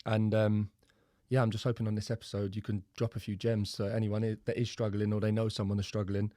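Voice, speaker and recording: A man's voice: fairly low pitch, little pitch movement, a little fast, dark tone, no room sound, studio quality. A young man with a London accent hosting a podcast in casual, blunt chat that is full of swearing. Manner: blunt, swears freely, loose and chatty. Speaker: podcast host.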